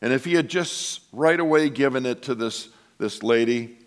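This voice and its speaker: A man preaching a sermon to his congregation, telling a story with lively asides and acting out the voices of the people in it. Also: mid-range voice, moderate pace. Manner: animated storytelling, acts out quoted voices. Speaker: pastor.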